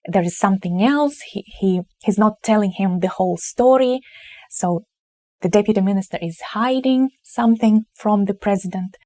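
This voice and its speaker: Slow-spoken woman teaching grammar. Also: mid-range voice, mellow, no room sound, studio quality. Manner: slow explanatory delivery, acts out example phrases. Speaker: Russian teacher. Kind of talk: grammar lesson at a board.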